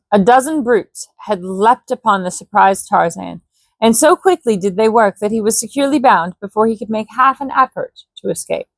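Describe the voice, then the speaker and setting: A woman reads a bedtime story in a gentle, mid-pitched voice, breaking off now and then for casual asides. The recording is dry and close, with no room sound around her. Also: no room sound. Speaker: storybook reader.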